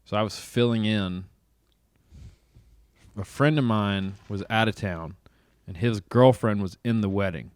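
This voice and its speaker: Low-voiced young man telling a story. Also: measured pace, long pauses, no echo. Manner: rambling storyteller with restarts and chuckles. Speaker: podcast co-host. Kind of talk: casual chat.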